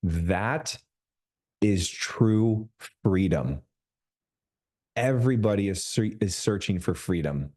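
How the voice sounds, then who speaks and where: A male business coach teaching over a video call, his voice low-set and mellow. He talks emphatically, drawing out key phrases to drive them home. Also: animated. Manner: emphatic, slows down to stress points.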